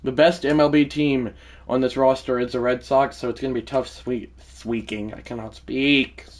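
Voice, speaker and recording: Man, game streamer, mid-pitched voice, rambling live commentary, chatting to viewers, easily irritated. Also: fairly even intonation, normal speed. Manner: talks to chat, easily frustrated, rambling asides.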